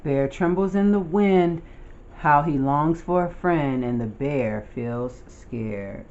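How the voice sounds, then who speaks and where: An adult reading a children's picture book aloud with a slow, deliberate storytelling delivery. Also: medium pitch, a little mellow, lo-fi sound, slight background noise. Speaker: storybook reader.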